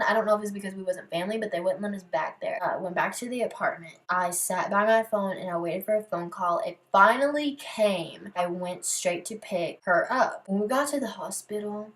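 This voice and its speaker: Young woman telling a dramatic storytime. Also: mid-range voice. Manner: animated, dramatic retelling. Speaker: vlogger. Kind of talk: casual storytime.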